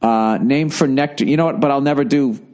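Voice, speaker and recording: A man's voice: medium pitch, a little fast, darkish tone. A man in his forties hosting a solo podcast, talking in a rambling, sarcastic and profane way. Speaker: podcast host. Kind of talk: casual solo podcast monologue.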